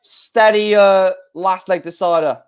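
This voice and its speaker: An excitable man commentating live on a stream, shouting and repeating himself at big moments. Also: high voice, measured pace, clear, resonant tone.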